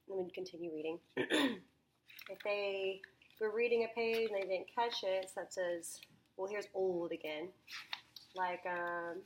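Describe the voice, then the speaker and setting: A woman's voice: mid-range voice, steady tone, unhurried, a little hiss or hum. A young woman talking through a phonics lesson plan as a student teacher, thinking aloud with many ums and restarts.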